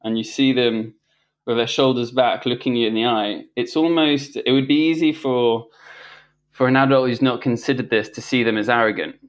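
A man, a podcast guest, telling a personal story in casual conversation, animated and reflective, often restarting his sentences and laughing. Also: medium pitch, normal speed.

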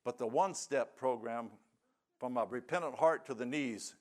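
A man's voice: mid-range voice, normal speed. Older man preaching a folksy testimony. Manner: folksy storytelling with rural grammar. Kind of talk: sermon testimony.

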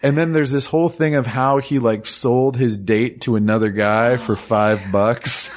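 A man's voice: mid-range voice, unhurried. A man in his forties co-hosting a podcast, chatting casually and a bit ramblingly about a movie. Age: 40s. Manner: relaxed, rambling, laughs often. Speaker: podcast co-host.

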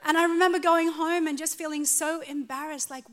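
A woman in her forties preaching a sermon to a live audience, telling a funny story about her marriage. She is animated and pokes fun at herself, swinging from soft to loud. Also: sits high, brisk. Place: stage before a live audience.

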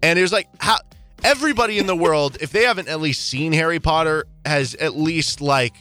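A man co-hosting a casual sports talk show, chatty and animated as he tells stories. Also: fairly high pitch, a little fast, dry recording, faint music behind. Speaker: radio co-host.

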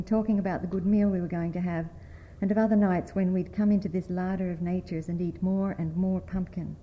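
A woman writer from the United States, reading a story aloud at a panel in a measured, expressive way. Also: fairly low pitch, dull audio, a little hiss or hum.

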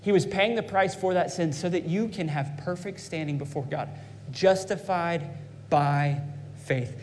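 A man's voice: fairly high pitch, unhurried, a little hiss or hum. A man preaching a fervent sermon as pastor, calling out to his congregation. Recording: long hall reverb.

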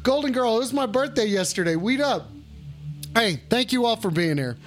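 A man hosting a call-in livestream, swearing a lot and shouting the same catchphrase over and over. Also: very high voice, animated, moderate pace, faint music behind. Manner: rowdy, swearing, repeats his shouted catchphrase. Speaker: call-in stream host. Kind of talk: profane casual livestream banter.

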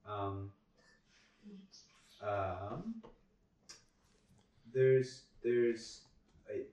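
Deep-voiced man asking from across a room. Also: steady tone, extremely slow, dark tone, far from the mic. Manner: long, winding question with hesitations. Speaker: class participant. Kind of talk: asking a question in class. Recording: roomy echo, off-mic.

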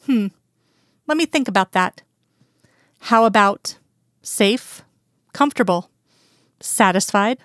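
A woman's voice: medium pitch, expressive, slow pace, long pauses, no room sound, clean studio sound. A woman reading as a sleepy, teasing woman lover. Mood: teasing, tender. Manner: soft, teasing.

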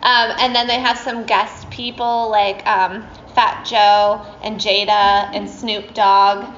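A woman's voice: mid-range voice, flat delivery, slow pace, fairly bright tone, slight background noise. A woman telling a story to a group, chatty and casual, with lots of fillers and laughs. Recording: echoey room, slightly dull sound.

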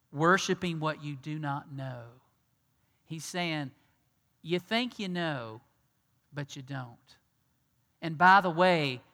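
Bright-voiced preacher in a reverberant hall. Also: male voice, a little high. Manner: conversational, acts out dialogue, shifts from loud to hushed. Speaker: pastor. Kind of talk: sermon.

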